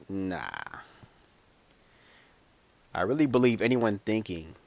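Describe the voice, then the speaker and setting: A man talking to camera in a casual, rambling monologue, blunt and profane, chuckling between his points. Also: deep voice. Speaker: vlogger.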